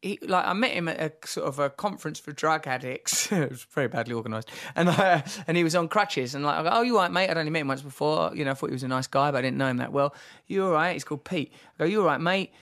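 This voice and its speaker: A man, hosting a podcast and telling candid stories in a vivid, animated way, with fillers and restarts. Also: a little high, fast talker. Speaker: podcast host. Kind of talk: candid conversational storytelling.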